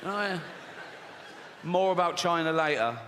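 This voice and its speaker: A man's voice: fairly high pitch, expressive, measured pace. A middle-aged English man doing stand-up comedy, sardonic and swearing freely, putting on other people's voices as he tells his stories. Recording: faint background noise, live audience laughs.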